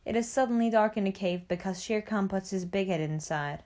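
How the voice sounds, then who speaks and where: A woman narrating a storybook for language learners, reading clearly and deliberately. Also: medium pitch, darkish tone. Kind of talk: graded-reader storybook narration.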